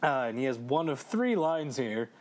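A man co-hosting a casual video game chat, excitable, swearing freely and laughing often. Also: mid-range voice, moderate pace. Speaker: let's play co-host.

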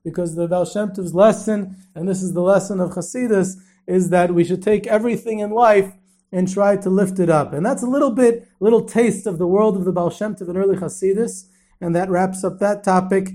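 A man hosting a history podcast, telling stories in a lively way and sprinkling in Yiddish and Hebrew terms. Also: sits high, brisk. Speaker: podcast host and tour guide.

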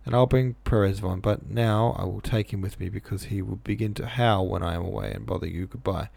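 A man's voice: fairly low pitch, fairly quick, gravelly, darkish tone, no echo. A man reading the lines of a defiant, proud teenage boy in a curt, cocky way. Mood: hurried.

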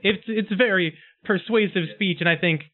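A man's voice: high-pitched, moderate pace. A man playing a tabletop game, joking and laughing along with the table. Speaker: player. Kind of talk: casual tabletop play. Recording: tinny call audio.

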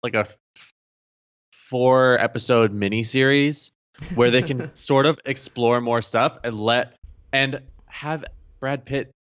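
A man's voice: mid-range voice, fairly even intonation, slow, fairly bright tone, clear, resonant tone, lo-fi sound. A man co-hosting a podcast, chatting casually about a movie with joking, sarcastic asides and laughter. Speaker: podcast co-host. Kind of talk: casual movie review chat.

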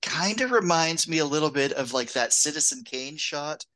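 A man co-hosting a podcast, chatting about a film in a relaxed, casual way. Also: fairly high pitch. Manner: chatty, quick interjections, laughs along. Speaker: podcast co-host.

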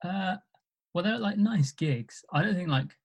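A man's voice: high-pitched, expressive, moderate pace, husky. A man, a stand-up comedian, chatting casually and self-deprecatingly about his gigs. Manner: self-deprecating, modest, chuckles while telling stories. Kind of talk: casual chat.

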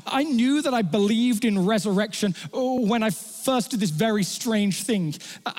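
In a church, a male pastor gives a sermon in a voice fairly high for a man. His delivery is conversational, with humorous asides to the congregation, and a long reverb follows his words through the hall.

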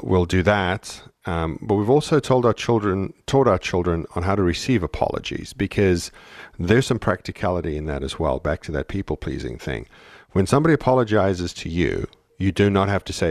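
Deep-voiced dad explaining on a podcast. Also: male voice, lively intonation, moderate pace, no echo, clean studio sound. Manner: earnest explaining, frequent "right?" tag questions. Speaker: podcast co-host. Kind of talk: casual parenting podcast chat.

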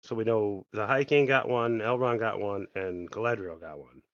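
A man co-hosting a casual podcast, chiming in with quick remarks and agreement. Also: on the low side, fairly bright tone, no echo. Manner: quick interjections, chuckling agreement. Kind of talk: casual chat. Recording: slightly dull lo-fi sound.

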